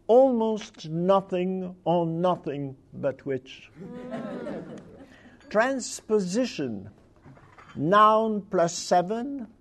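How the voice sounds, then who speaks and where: A man reading examples of literary wordplay aloud to an audience, with a playful and deliberate delivery. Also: sits high. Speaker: speaker presenting literary wordplay.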